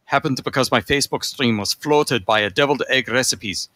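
A man's voice: mid-range voice, a little fast, pushed and bright, dry recording, lightly acted. A man voicing a proud home cook presenting his strange recipe, in a put-on German accent. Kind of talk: comic reading of a recipe blog.

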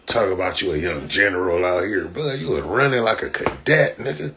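A man's voice: low voice, a little fast, sharp tone. A man, a boxer on a livestream, ranting in profane trash talk full of repeated slang fillers. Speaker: boxer livestreaming after a fight. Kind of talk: casual livestream rant.

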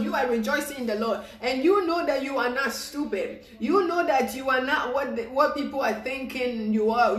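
A woman preaching an informal devotional sermon, excited and repetitive, acting out the people she quotes. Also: high-pitched, reverberant.

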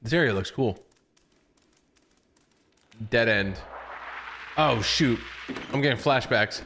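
A man's voice: medium pitch, slow pace, creaky, pauses often, noisy background. A young man giving casual, joking commentary while playing a video game, teasing the characters and meowing along. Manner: playful, banters with the game, meows along loudly. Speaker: gaming YouTuber. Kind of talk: casual let's-play commentary.

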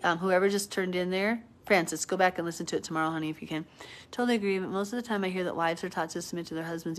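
A woman giving a casual, live-streamed Bible teaching. She talks in an earnest, chatty way, stops to answer viewer comments, and acts out quoted people with sudden jumps in pitch. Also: fairly bright tone.

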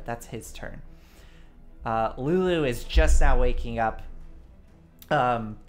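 A woman narrating as the game master of a tabletop role-play stream, giggly and rambling with fillers, on a desk mic. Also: extremely low pitch.

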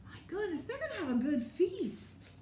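A young woman librarian reading a picture book to children, animated and coaxing them to join in. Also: very high-pitched, moderate pace, a little hiss or hum. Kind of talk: children's story time reading. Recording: echoey room.

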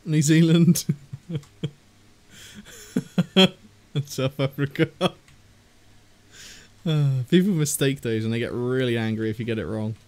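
A man's voice: mid-range voice, fairly even intonation, unhurried, long pauses, darkish tone. A young man from England chatting casually while streaming a game, laughing often and reading viewer messages aloud. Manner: giggly, rambling, reads viewer messages aloud. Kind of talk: casual gaming chat.

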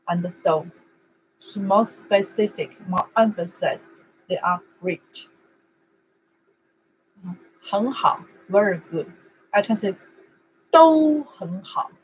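A woman's voice: mid-range voice, a little hiss or hum, poor audio. A woman whose first language is Chinese, teaching an online language lesson in simple, broken English and repeating words over and over for practice.

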